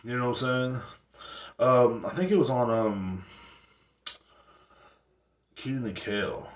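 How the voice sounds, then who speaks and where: A man's voice: mid-range voice, slow pace. A man in his thirties hosting a talk show, ranting casually in loose, slangy, profane talk with rambling restarts. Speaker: show host. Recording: roomy sound from a distant mic.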